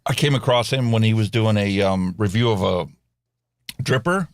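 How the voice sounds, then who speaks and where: A man co-hosting a casual podcast, reading jokes in an animated way and jumping into higher voices for the punchlines. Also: moderate pace, no echo. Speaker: co-host.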